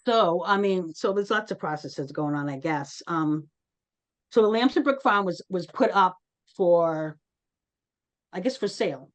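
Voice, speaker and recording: Woman host, lowish voice, earnest and conversational, video call meeting. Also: lively intonation, a little slow. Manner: earnest, conversational, calls on participants. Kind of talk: online community meeting discussion.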